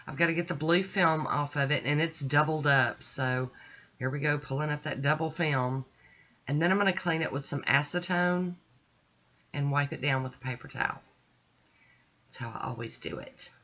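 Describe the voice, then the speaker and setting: A middle-aged woman hosting a nail art channel, calmly talking through each step of her manicure in a relaxed, chatty way. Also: low voice, normal speed. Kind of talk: casual tutorial narration. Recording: dull lo-fi sound.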